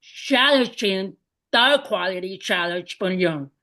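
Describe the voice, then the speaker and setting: A woman's voice: mid-range voice, lively intonation, slow pace, sharp tone. A woman hosting a podcast, asking her guest questions in an enthusiastic, chatty way. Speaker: podcast host. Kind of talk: casual interview chat.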